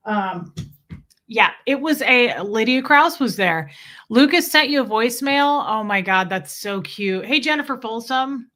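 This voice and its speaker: A woman's voice: on the high side, lively intonation, unhurried, fairly bright tone. A woman hosting a casual livestream, greeting viewers by name and rambling through chatty asides. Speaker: livestream host. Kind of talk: casual livestream chat reading viewer names.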